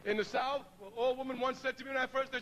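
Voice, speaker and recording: A man's voice: very high voice, steady tone, quick pace, a bit bright, a little hiss or hum. A middle-aged man giving a public speech to an audience, telling stories in an emphatic, preacherly way. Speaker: speaker addressing an audience.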